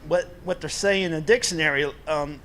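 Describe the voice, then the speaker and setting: Higher-voiced man asking rambling questions. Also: a little fast, a bit bright. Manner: rambling, restarts often, stammers. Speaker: panel interviewer. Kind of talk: casual fan questions.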